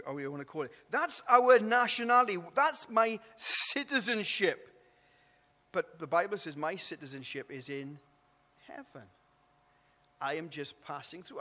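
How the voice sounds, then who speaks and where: This high, sharp-toned man is a Welsh pastor giving a conversational sermon in a church hall, where the sound is roomy and big. He restarts and repeats words and leans on tag questions such as "isn't it?".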